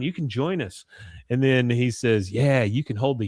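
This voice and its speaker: Chatting casually, a podcast host walks through an episode one scene at a time, quoting characters and laughing as he goes. His ordinary mid-pitch voice has a darkish tone and moderate pace, and the close, dry recording carries no echo or room.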